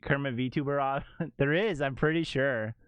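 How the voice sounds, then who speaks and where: A man's voice: medium pitch, normal speed, smooth, dry recording, dull audio. A man chatting casually as a streamer, giggling often and swearing freely. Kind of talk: casual chat.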